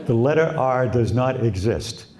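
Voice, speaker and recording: An older man with a Boston accent, a veteran radio broadcaster, telling stories about his career in a relaxed way to a live audience. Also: mid-range voice, unhurried, echoey room, slight background noise. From Quincy, Massachusetts. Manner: relaxed anecdotal storytelling, imitates voices. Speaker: retired radio broadcaster, guest. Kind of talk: storytelling at a live talk.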